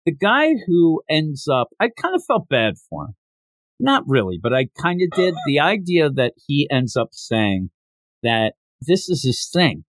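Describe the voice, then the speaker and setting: A man in casual podcast chat, recapping a manga chapter with lively swings in his fairly high voice. He jumps into the characters' voices as he tells it. The sound is close and dry. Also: measured pace, no echo. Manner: animated retelling, acting out quotes with raised pitch. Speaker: podcast co-host reviewing manga.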